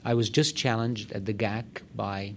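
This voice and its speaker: A man's voice: fairly low pitch, steady tone, unhurried, a bit bright, slight background noise. A man executive giving direct, emphatic remarks to a meeting. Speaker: organization executive addressing a meeting. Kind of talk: conference remarks.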